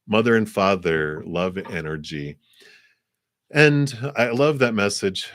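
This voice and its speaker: A man with a low, deep voice hosts a live card reading stream. He reads the card messages in a gentle, slow, reflective way. The sound is dry and close, with no echo. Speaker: card reader.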